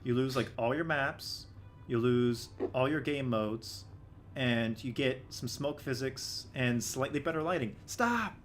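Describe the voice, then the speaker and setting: A man's voice: medium pitch, measured pace, soft background music. A man hosting a casual game development live stream, chatting with friends in profane, exasperated banter.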